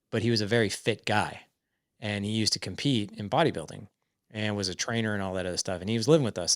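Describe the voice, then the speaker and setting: Male podcast guest, forties, lower voice, frank storyteller, dry close recording. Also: a bit bright, clear, resonant tone, dry recording. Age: 40s. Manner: frank, acts out quoted dialogue. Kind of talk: candid personal storytelling.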